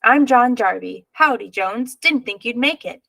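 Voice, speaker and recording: A woman's voice: on the high side, lively intonation, unhurried, vocal fry, bright, forceful tone, no room sound, voice pushed up, heavily acted, low-quality recording. A woman reading as a hearty, jovial storekeeper.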